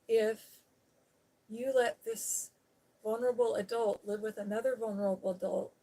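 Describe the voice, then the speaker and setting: A woman's voice: medium pitch, mellow. A woman hosting a live stream talks in a loose, candid way. She rambles through a personal story, tucking "you know" and "okay?" into her sentences and laughing now and then. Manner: laughs while talking. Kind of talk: casual chat.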